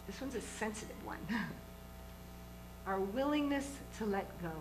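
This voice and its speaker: A woman's voice: medium pitch, lively intonation, takes it slowly, noisy background. A woman minister giving a sermon to her congregation in an earnest, emphatic way, often asking them questions. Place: church sanctuary with a congregation.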